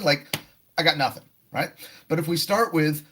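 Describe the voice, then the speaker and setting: A man's voice: fairly high pitch, moderate pace, a bit bright, breathy edge. A man teaching a live online test prep lesson, explaining tasks and acting out sample answers. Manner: explanatory, demonstrative.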